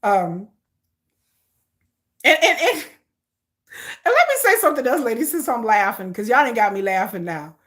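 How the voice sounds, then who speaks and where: A woman vlogger chats casually with her viewers in a high, bright-sitting voice. Her pitch leaps around constantly as she jokes and breaks into frequent laughter, playful and chatty throughout. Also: very animated, moderate pace, pauses often.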